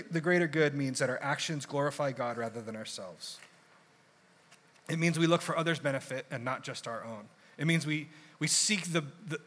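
A young adult man preaching a sermon in a conversational, animated storytelling way with casual asides. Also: mid-range voice. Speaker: pastor.

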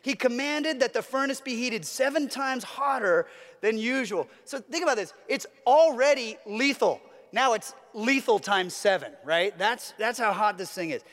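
A man's voice: sits high, a bit bright, in a large hall. A man preaching a sermon as a pastor, earnest, with a repetitive, building cadence.

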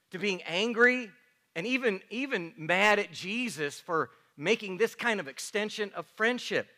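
Male pastor, sermon delivery, slow and deliberate, bright tone. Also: high voice. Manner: slow, emphatic preaching with soft hushed passages and playful laughter.

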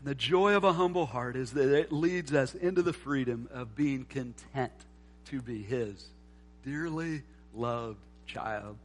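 A man preaching a sermon as pastor, moving between loud emphatic lines and quiet, soft reflection. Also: medium pitch, a little slow. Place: church sanctuary.

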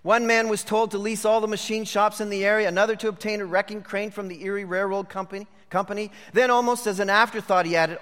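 Emphatic high-voiced preacher in a big hall. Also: male voice, steady tone, fast, few pauses, fairly bright tone. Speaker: pastor. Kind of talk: sermon. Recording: long hall reverb.

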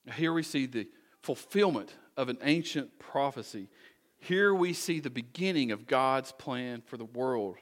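A male pastor delivers a sermon in an easy, conversational way. He poses rhetorical questions and drops folksy asides, and his voice sits at an ordinary middle pitch for a man. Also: expressive, unhurried.

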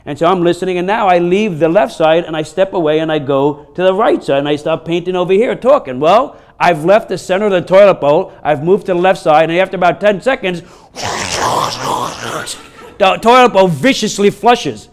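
A man preaching a sermon as pastor, telling stories in a lively, conversational way from a church stage. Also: high voice, normal speed. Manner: storytelling, animated and laughing during funny stories. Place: church sanctuary.

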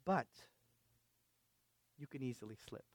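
A man preaching a sermon as pastor, emphatic and questioning his listeners, swinging from loud exhortation to quiet asides. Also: medium pitch, expressive, measured pace, breathy edge, no room sound.

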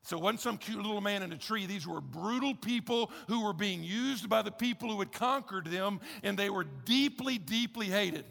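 A man's voice: high-pitched, lively intonation, moderate pace, vocal fry, few pauses, fairly bright tone. A man preaching a sermon as pastor, conversational and emphatic, repeating key phrases with wry humor. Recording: echoey church hall.

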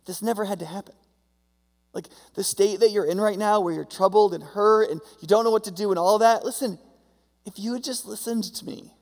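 A man preaching a sermon as pastor, talking conversationally and often checking in with "right?". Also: sits high. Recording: long hall reverb.

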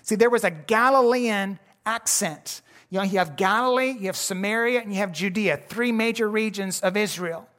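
A man's voice: high-pitched, normal speed, a bit bright. A man preaching a sermon as pastor, in a folksy, conversational way, often restarting his sentences.

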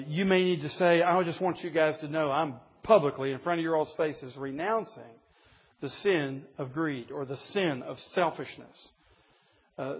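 Husky man preaching in an echoing hall. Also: on the high side. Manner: earnest preaching with rising emphasis. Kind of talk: sermon to men. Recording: dull lo-fi recording in a reverberant hall.

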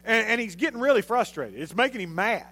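High-voiced man preaching with animated storytelling. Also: a little fast. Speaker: pastor. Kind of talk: sermon.

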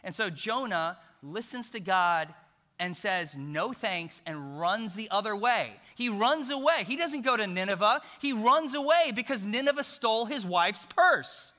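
A man preaching a sermon, retelling a story in an animated, jokey way. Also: sits high, a little slow. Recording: long hall reverb.

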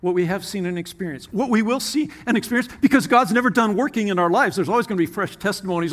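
A man preaching a sermon as pastor, earnest, with sudden drops into soft, hushed asides. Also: high-pitched, animated, fast, hardly any pauses.

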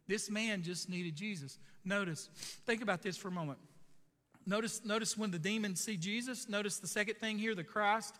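A man's voice: high-pitched, fairly quick, sharp tone, big-room sound. A man preaching a sermon as pastor, emphatic and repetitive, pressing each point home.

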